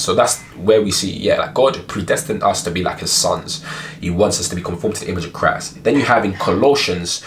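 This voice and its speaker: Young guy, lowish voice, earnest faith vlog rant, stops and restarts a lot, bit of hiss behind. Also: brisk. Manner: earnest, many restarts and rhetorical questions. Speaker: Christian video blogger. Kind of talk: casual spoken commentary.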